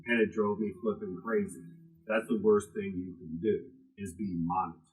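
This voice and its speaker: A man's voice: fairly low pitch, little pitch movement, normal speed, darkish tone, soft background music, poor audio. A man teaching a class to a live audience, talking with strongly varied emphasis and casual asides.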